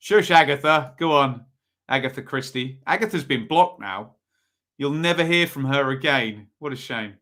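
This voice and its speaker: This man's mid-range voice is bright and forceful, with lively intonation at a normal speed. Speaking with an East Anglian accent, he hosts a live football watch-along, chatting his way through the action and reacting to the chat.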